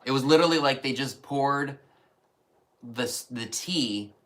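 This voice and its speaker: A man's voice: medium pitch, measured pace, a bit bright. A man co-hosting a live stream, chatting casually and reacting with strong opinions. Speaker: co-host.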